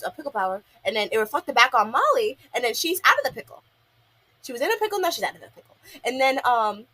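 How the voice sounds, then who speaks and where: Husky young woman rambling through a recap. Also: on the high side, a bit bright, poor audio. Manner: rambling recap full of "um" and "and then". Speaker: episode reviewer. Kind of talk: casual video review.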